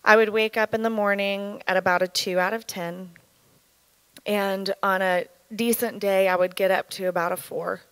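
A woman in her thirties giving an earnest, candid personal testimony as a church speaker, speaking in a measured way. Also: medium pitch, little pitch movement, clear, resonant tone, dry recording, low-quality recording.

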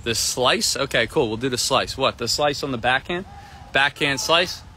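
A man teaching a tennis lesson on a live stream from an outdoor court, energetic and repetitive, often asking "right?". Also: medium pitch, moderate pace, a little hiss or hum. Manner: energetic, repeats himself, keeps asking "right?". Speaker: tennis coach.

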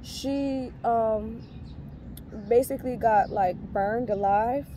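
Heavily pregnant and a young adult, this faith vlogger shares her testimony in a casual vlog, rambling earnestly with lots of fillers and restarts. Her voice sits on the high side and is mellow, she speaks slowly, and there's a faint hiss or hum.

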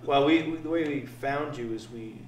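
A man's voice: fairly high pitch, a little hiss or hum. Wisecracking male host, echoey room. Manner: joking, quick with wisecracks. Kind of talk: casual chat. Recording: echoey room, distant mic.

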